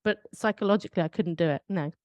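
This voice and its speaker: A British woman from the United Kingdom co-hosts a podcast in casual conversation, reflectively telling stories and repeatedly questioning herself aloud. Her voice is fairly low, fast, and darkish in tone, and the recording is muffled though free of echo.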